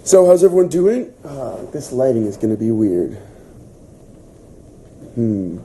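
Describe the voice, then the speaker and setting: A young man hosts a casual livestream book club, chatting loosely and reading out viewer comments. His mid-range voice is slightly rough and unhurried, and he's relaxed and heavy on fillers as he reacts to what viewers write.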